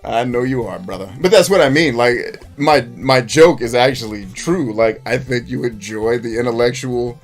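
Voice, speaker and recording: A man's voice: medium pitch, moderate pace, few pauses, soft background music. A man streaming a retro game, chatting casually with viewers and reading their comments, swearing freely and laughing often. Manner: animated, profane, laughs often. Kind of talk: casual live-stream chat.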